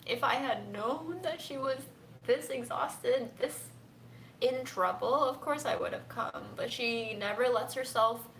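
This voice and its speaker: Soft-spoken grieving young woman. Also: a little high. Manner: soft, halting and tearful, often near a whisper. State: grieving, close to tears. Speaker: vlogger. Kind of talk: personal livestream talk. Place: home room. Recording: echoey room with faint ambience.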